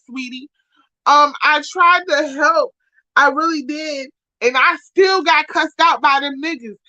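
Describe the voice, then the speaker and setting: A woman speaking, ranting profanely and trading insults on a live stream, loud one moment and muttering the next. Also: high voice, dry recording, highs cut off. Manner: profane, insulting, repetitive, swings from shouting to muttering. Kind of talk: angry rant to a live stream.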